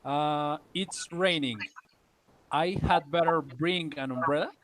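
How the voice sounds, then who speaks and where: A man's voice: a little high, slow pace, crowd noise. A man studying English online, asking hesitant, tentative questions. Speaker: English student. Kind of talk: online class conversation. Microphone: video call.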